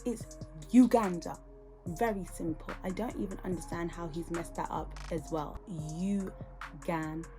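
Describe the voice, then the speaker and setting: A woman's voice: on the low side, moderate pace, music in the background. Indignant British woman podcaster. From United Kingdom. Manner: indignant, rhetorical questioning. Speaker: podcast host. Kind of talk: reaction podcast commentary.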